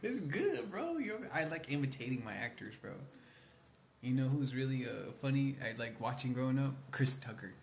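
A man's voice: medium pitch, sing-song, normal speed, gravelly, a little hiss or hum. A young man in casual chat, rambling in slang about favorite movies and mimicking lines he likes. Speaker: vlogger.

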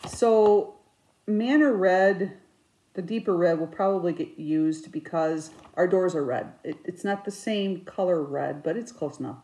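A woman with a lowish voice talks about her stitching, chatty and rambling. She now and then bursts into animated outbursts. The room around her sounds echoey. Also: measured pace. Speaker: cross stitch vlogger. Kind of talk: casual chat.

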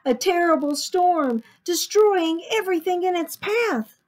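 A woman's voice: very high-pitched, animated, measured pace, pitched above the performer's own voice. A woman voicing a patient schoolteacher in a storybook, sing-song and instructing. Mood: dramatic.

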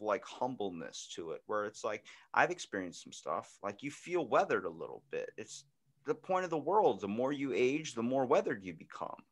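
A man hosting a podcast in casual chat, telling stories with lively acted-out voices and plenty of swearing. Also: mid-range voice. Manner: animated storyteller acting out voices, swears freely. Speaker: podcast host.

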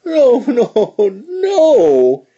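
A man voicing a fussy, pompous male fox who shouts, wails and pleads in a high, swooping voice. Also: huge pitch swings, extremely slow, muffled recording, heavily acted. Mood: wailing.

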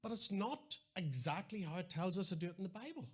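A middle-aged man with a Northern Irish accent, preaching a sermon with animated storytelling, wry asides and frequent restarts. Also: high voice, fairly quick, husky. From Northern Ireland.

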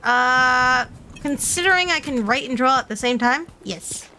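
High, lively young woman streamer. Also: measured pace, clean tone. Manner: playful, teasing, repeats herself. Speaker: gaming streamer. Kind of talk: casual gaming banter.

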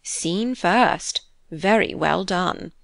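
A woman voicing a cool, indolent young gentleman with a dry, sarcastic manner. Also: lowish voice, animated, very slow, vocal fry, dry recording, exaggerated voice.

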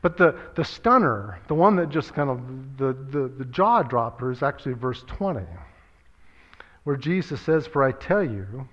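A man's voice: mid-range voice, animated, moderate pace, lo-fi sound. A man preaching a sermon as pastor, earnest and conversational, often repeating words and using fillers as he works through a point.

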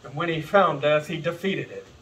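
A man's voice: on the high side, normal speed, a bit bright, distant mic, a little hiss or hum, rough recording. A man preaching an earnest, impassioned sermon as pastor, calling his listeners folks. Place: church sanctuary.

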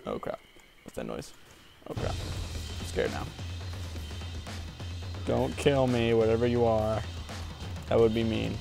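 A man cracks jokes and trash-talks his way through a game in relaxed let's-play commentary. His voice is gravelly and unhurried. Game music and gunfire keep rolling behind him. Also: medium pitch. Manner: joking, trash-talking. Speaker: gameplay commentator.

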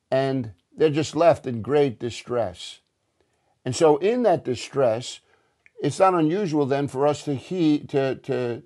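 A man's voice: fairly high pitch, a little mellow. Conversational man preaching a sermon. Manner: earnest, conversational preaching with frequent restarts. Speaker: pastor. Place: church.

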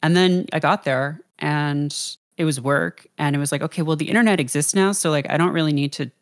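A man co-hosting a podcast in casual chat, with wry, deadpan ribbing. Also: fairly high pitch, a little fast, dry recording, studio quality. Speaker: podcast co-host.

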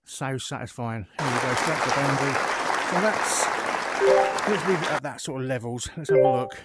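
A man's voice: medium pitch, normal speed, over loud music. A man giving casual gameplay commentary as he plays a VR game, thinking aloud while he adjusts settings, recorded on the headset's built-in mic. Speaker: VR gaming content creator. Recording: loud game crowd noise over voice. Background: loud cricket crowd and bat clicks from the game.

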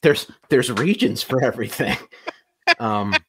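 A man's voice: mid-range voice, expressive, a little slow, a little hiss or hum. A man in his forties, a voice actor guest, talking in a laid-back, blunt, joking way. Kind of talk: casual interview chat.

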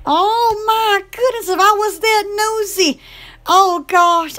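Very high-voiced, giggly young woman. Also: slow pace. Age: young adult. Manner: excitable, giggly and scattered. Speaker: channel host. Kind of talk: rambling casual vlog chatter.

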